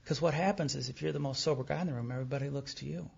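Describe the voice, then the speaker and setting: Male speaker, candid self-deprecating storyteller who acts out dialogue, husky voice, dull lo-fi live tape. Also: medium pitch, rapid-fire. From Texas. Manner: animated storytelling, acting out remembered dialogue. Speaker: recovery meeting speaker. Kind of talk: personal story shared at a recovery meeting.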